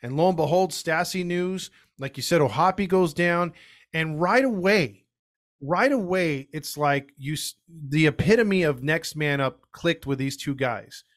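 A man guest co-hosting a sports podcast, rambling through stories in casual chat. His voice sits a little above the usual male pitch. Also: a little slow, fairly bright tone. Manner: rambling, storytelling. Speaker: guest co-host.

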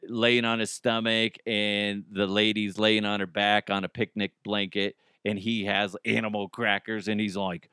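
A man's voice: on the low side, little pitch movement, a little slow, hardly any pauses, pushed and bright, clear, resonant tone, no echo, clean studio sound. Crude rambling comedy podcast host, man. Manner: crude, rambling, laughs at his own jokes. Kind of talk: casual comedic commentary.

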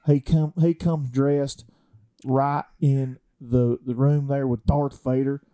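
Man doing a rambling South Georgia call-in fan, drawling, dark mellow tone, comedic podcast bit. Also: medium pitch, level tone, slow, close to an everyday voice.

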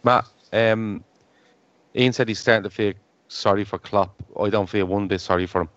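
A man's voice: on the low side, steady tone, moderate pace, fairly bright tone, no echo. A man hosting a casual football podcast with his mates, swearing freely and teasing the others. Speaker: podcast host. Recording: dull, dry lo-fi sound.

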